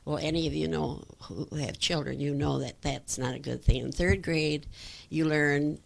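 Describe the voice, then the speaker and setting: A woman's voice: sits low, fairly even intonation, normal speed, vocal fry. An older woman telling stories from her childhood in an oral history interview, rambling with fillers and restarts.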